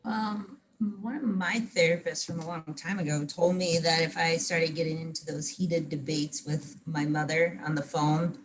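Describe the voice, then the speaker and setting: A woman's voice: low-pitched, steady tone, moderate pace, few pauses, rough recording. A woman taking part in an online class over a video call, asking a question hesitantly, with fillers. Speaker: class participant.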